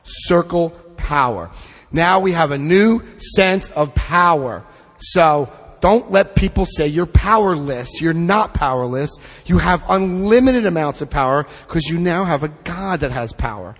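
A man's voice: on the high side, lively intonation, unhurried, a bit bright, big-room sound. A man leading a twelve-step study group, reading passages aloud and adding blunt, joking asides. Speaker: recovery workshop leader.

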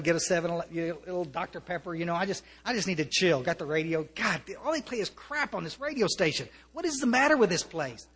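An American man speaks earnestly to a recovery meeting, with a fairly high voice. He restarts his sentences often and slips in wry humor. His voice carries a long reverb from a meeting hall. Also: fairly bright tone. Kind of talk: personal testimony to an audience.

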